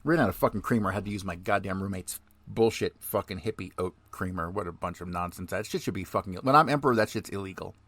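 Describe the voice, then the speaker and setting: A man's voice: low-pitched, fast talker, fairly bright tone, no echo. A man hosting a podcast, swearing heavily in a heated rant and jittery from too much coffee. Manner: profane, heated, swearing constantly. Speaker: podcast host. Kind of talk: ranting podcast monologue, reading documents aloud.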